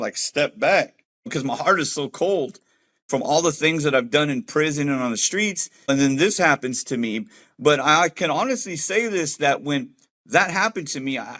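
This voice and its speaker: His voice is a little high and fairly bright. This former gang member shares a heartfelt personal testimony of faith and how he left gang life, speaking earnestly and casually with plenty of street slang.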